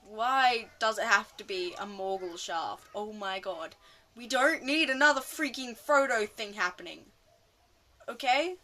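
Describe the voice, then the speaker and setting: A woman ranting casually about a film, rambling excitably and often losing her train of thought. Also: a little high, measured pace. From Australia. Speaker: vlogger.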